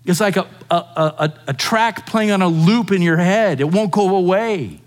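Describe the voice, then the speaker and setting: A man's voice: high-pitched, normal speed. A man preaching a sermon in a conversational style, often asking the listeners rhetorical questions. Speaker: pastor.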